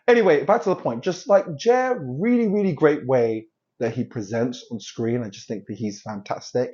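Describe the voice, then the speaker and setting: A man's voice: fairly high pitch, a little mellow, dull audio. A man from London hosting a casual commentary, rambling and joking at himself, often trailing off and restarting. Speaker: host.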